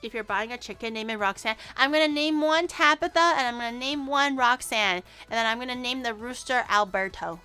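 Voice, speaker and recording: A woman VTuber chatting casually on a live stream, her voice bright and a little high. She rambles, giggles often and restarts her sentences. Soft music plays faintly under her talk. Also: fairly quick, hardly any pauses, clean tone.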